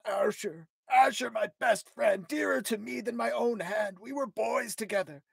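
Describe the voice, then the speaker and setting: A man's voice: sits high, normal speed, gravelly, a bit bright, slightly rough, no echo, clean studio sound, voice pushed up, heavily acted. A man reading aloud as an aging king who is stricken with grief and furious for revenge, crying out and bellowing orders. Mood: grieving. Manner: anguished cries and bellowed orders.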